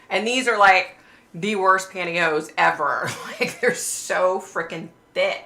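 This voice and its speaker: A middle-aged psychic host chats loosely with her livestream viewers, rambling a little slowly, swearing freely and dropping "like" everywhere. Her low voice has a gravelly fry and a bright, sharp edge, and it bounces around an echoey room.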